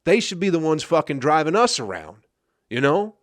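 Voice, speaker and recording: Speaking at a normal speed in a fairly high, sing-song voice, this Flint, Michigan man rants on his comedy podcast. He swears constantly and keeps asking "you know what I mean, people?" in a dry recording.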